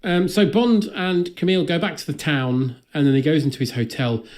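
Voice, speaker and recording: A man's voice: fairly high pitch, steady tone, brisk, darkish tone. A man co-hosting a comedy podcast, recapping a film in a dry, sardonic way. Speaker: podcast co-host.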